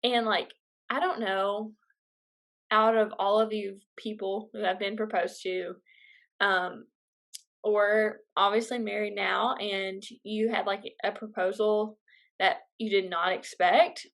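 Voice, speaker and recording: A woman's voice: medium pitch, fairly even intonation, takes it slowly, a bit bright. A young woman vlogger casually telling a personal story, chatty and full of fillers. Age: young adult.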